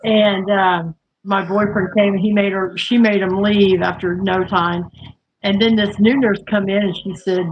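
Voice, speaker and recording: A woman hosting a livestream, telling a personal story in a lively, folksy way and acting out what people said. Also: mid-range voice, measured pace, muffled recording, slight background noise. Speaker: livestream host. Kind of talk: casual storytelling.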